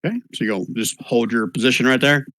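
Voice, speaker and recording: A man's voice: medium pitch, fairly quick, a bit bright, no room sound. A man narrating as game master of an online tabletop game, describing scenes and laughing often. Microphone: online voice chat.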